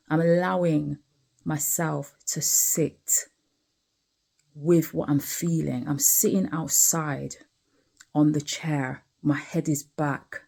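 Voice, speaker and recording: Low, gravelly-voiced tired woman vlogger. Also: dark tone. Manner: candid, conversational, repeats phrases, frequent asides to the listener. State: tired, yawning. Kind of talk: reflective personal vlog. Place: sitting outside on a chair.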